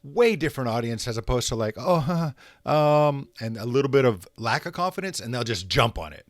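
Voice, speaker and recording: A man hosting a podcast, who asks questions and talks in a relaxed, rambling way. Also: medium pitch, fast talker, dry recording, studio quality. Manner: relaxed, rambling, loose phrasing. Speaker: podcast host. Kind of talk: casual interview chat.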